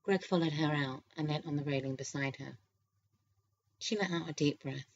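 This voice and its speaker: A woman reads a romance novel aloud in a calm, steady manner. Her voice is low. The recording has a slightly dull, lo-fi sound. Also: moderate pace, no echo. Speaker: audiobook narrator. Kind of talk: scripted narration.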